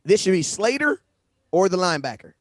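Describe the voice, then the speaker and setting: A man hosting a live stream from home, talking sports in loose, animated slang. His voice sits a bit high, and he repeats phrases as he reacts. The sound is dry and close. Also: brisk, no room sound. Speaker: livestream host. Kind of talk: casual sports commentary. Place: home livestream setup. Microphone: phone.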